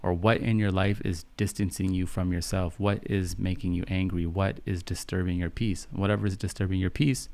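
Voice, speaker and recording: A young man hosting a live-stream podcast, calm and soft-spoken, chatting with viewers in an unhurried way. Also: deep voice, vocal fry. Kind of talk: casual live-stream chat, answering viewer questions.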